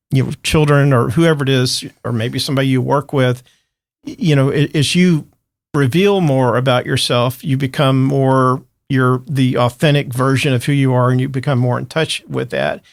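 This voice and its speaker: A male podcast host with a gravelly voice talks in a rambling, hesitant way and keeps restarting his sentences. The sound is dry and close. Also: medium pitch, steady tone, moderate pace, no room sound. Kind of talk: podcast interview.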